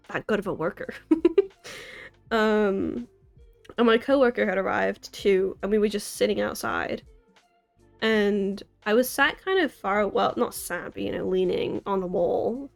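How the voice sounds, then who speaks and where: A young American woman in her twenties, chatting casually on a live stream from her city apartment, rambling and giggling at herself. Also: medium pitch. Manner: rambling, giggly, self-deprecating. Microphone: desk mic.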